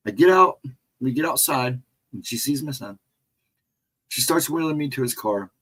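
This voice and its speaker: A man's voice: a little high, fairly bright tone, slightly rough, rough recording. A middle-aged man telling a spooky personal story in casual talk. He rambles, restarts his sentences and retraces every turn of the way step by step. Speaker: guest storyteller on a paranormal talk show.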